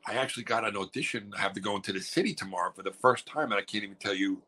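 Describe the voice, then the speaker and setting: Bright-voiced New comedian telling stories. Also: male voice, fairly low pitch, racing, low-quality recording. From New York. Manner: animated storyteller acting out other people's lines. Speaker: comedian guest. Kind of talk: casual podcast chat. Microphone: video call.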